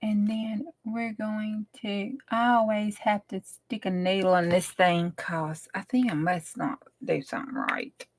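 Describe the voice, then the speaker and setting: Give me a middle-aged woman chatting slowly and casually as she works on a craft project. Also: medium pitch, big pitch swings, gravelly, dry recording. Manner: chatty, drawling, often dropping to a whisper. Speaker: craft channel host.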